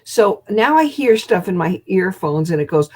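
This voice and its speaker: Lively older woman telling a story. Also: on the low side, normal speed. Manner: lively storyteller who acts out quotes and laughs. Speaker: guest hypnotist. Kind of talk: animated storytelling in an interview.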